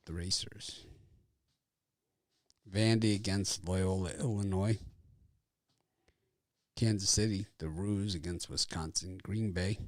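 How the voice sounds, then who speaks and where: A man's voice: low-pitched, fairly even intonation, slow, pauses often, dry recording. A man hosting a sports betting podcast, running through games in a blunt, jokey way and passing the mic to others. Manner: jokey, blunt, laughs and riffs on teams. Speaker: podcast host. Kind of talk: casual sports betting chat.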